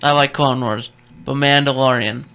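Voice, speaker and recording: Bright-voiced jokey radio host man. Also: medium pitch, fairly even intonation, vocal fry, smooth. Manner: upbeat, jokey, quick asides. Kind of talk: casual radio banter. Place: radio studio.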